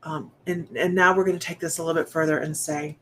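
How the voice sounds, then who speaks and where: A woman giving a live-streamed psychic reading, speaking softly and haltingly with many restarts, straight to her viewers. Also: low voice, steady tone, slight background noise. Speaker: psychic medium.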